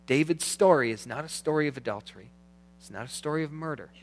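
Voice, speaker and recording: A man preaching a sermon as pastor, earnest, slowing down to read scripture aloud. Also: a little high, slight background noise. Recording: long hall reverb.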